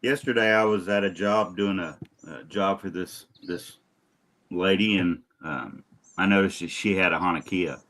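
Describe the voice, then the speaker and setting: A man's voice: sits low, normal speed, fairly bright tone, a little hiss or hum. A man in a casual online study group, telling an everyday anecdote and acting out the conversation. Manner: anecdotal, acts out dialogue. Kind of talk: casual storytelling.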